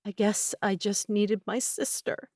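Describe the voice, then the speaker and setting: A tearful, soft-spoken young woman pleading with her estranged sister, as a woman narrator voices her. She speaks slowly and a bit higher than the narration. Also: fairly even intonation, no room sound, clean studio sound, close to an everyday voice.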